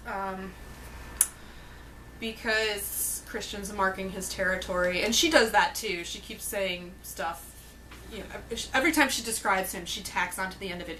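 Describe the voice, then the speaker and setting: A woman's voice: mid-range voice, pushed and bright, slight background noise, rough recording. A young woman chatting casually to camera about a book, blunt, sarcastic and swearing freely. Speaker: book reviewer vlogger.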